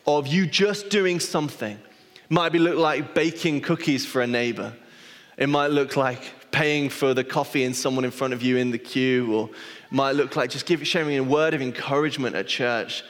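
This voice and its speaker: Pastor preaching in a reverberant hall. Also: male voice, medium pitch, fairly bright tone. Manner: self-deprecating, chatty storytelling with frequent restarts. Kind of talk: sermon. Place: church hall. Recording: long reverb of a church hall.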